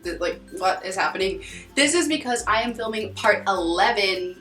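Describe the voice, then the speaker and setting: A woman's voice: mid-range voice, lively intonation, normal speed, fairly bright tone, faint music behind. Young American woman vlogger, bubbly and chatty, roomy sound from a distance. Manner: bubbly, rambling, lots of "like". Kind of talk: casual chat to camera. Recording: echoey room heard from a distance.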